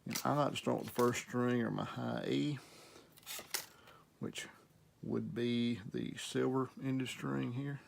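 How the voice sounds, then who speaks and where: Middle-aged Southern man, heavy vocal fry, laid-back workshop instructor, faint noise. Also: mid-range voice, takes it slowly. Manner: relaxed, rambling, talks while working. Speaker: guitar repair instructor. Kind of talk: casual how-to demonstration.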